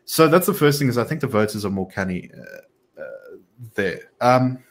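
A man's voice: on the low side, very animated, moderate pace, creaky. A man hosting a casual political chat, talking in a rambling, opinionated way with many restarts.

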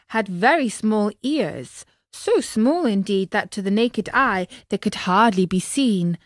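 A woman narrating a children's storybook in a slow, expressive way. Her voice sits a little high, and the recording is close and dry. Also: no echo. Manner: expressive, addresses young readers. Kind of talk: storybook reading.

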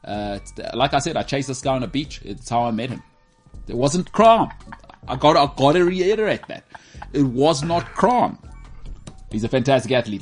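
A man hosts a loose sports talk show, rambling from one joke to the next and teasing his co-host. His pitch sits in an ordinary middle range. Faint music plays underneath. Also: expressive, moderate pace. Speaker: podcast host. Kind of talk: casual sports banter.

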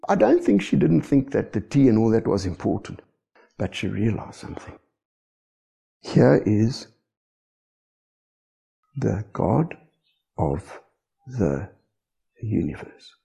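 A male pastor preaching a sermon in an animated way, often asking the congregation rhetorical questions. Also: medium pitch, creaky, breathy edge.

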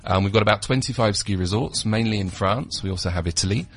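A British man in his thirties is a guest in a radio studio, pitching holiday resorts with eager, sales-driven enthusiasm. He speaks quickly in a low register and scatters ums through his lists of places. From United Kingdom. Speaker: travel company representative, radio guest. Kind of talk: radio interview.

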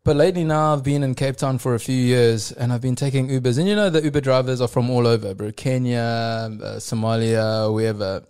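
A man with a gravelly, creaky voice at a middling pitch, chatting as a podcast guest. He is a musician who tells laid-back stories and laughs easily. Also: brisk, hardly any pauses, a little mellow. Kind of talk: casual chat.

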